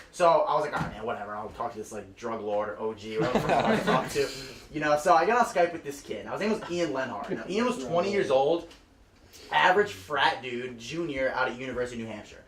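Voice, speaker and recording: A young man rattles off a hyped, profane recruiting story at breakneck speed. His voice sits a bit high for a guy and has a streetwise swagger. The room around him is echoey. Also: fast talker, crowd noise. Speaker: recruiting speaker. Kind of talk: hyped storytelling pitch to a small crowd. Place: house party room.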